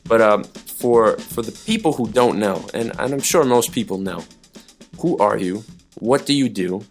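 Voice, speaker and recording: A man's voice: lowish voice, lively intonation, unhurried, soft background music. A man hosting a podcast, interviewing a guest in a hotel room with wry, bantering humor. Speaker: podcast host. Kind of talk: casual interview chat.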